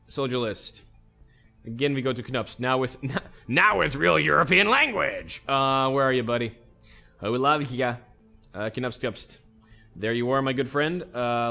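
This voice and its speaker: A man's voice: mid-range voice, a bit bright. A man hosting a let's play, casually thinking aloud as he plays a strategy game. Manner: easygoing, thinks aloud while playing. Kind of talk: casual gameplay commentary.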